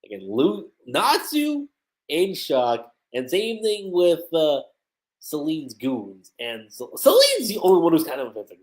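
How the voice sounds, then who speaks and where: A man giving casual livestream commentary on an anime episode, excitable, acting out the characters' lines. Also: medium pitch, a little slow. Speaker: anime reviewer.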